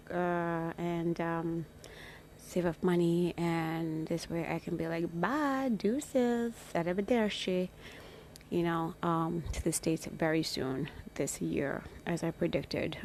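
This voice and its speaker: A woman's voice: lowish voice, a little mellow, slight background noise. A woman talking casually to her followers, chatty and rambling, often dropping into whispered asides. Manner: chatty and rambling, with playful greetings. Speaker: vlogger.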